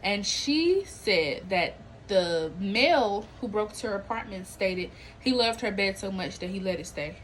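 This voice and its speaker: A woman's voice: mid-range voice, unhurried, few pauses, slight background noise, rough recording. A woman hosting a podcast, chatting casually and animatedly, full of slang and laughter, acting out what people said. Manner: animated, slangy, laughs often, acts out quotes. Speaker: podcast host. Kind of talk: casual chat about celebrity and viral news.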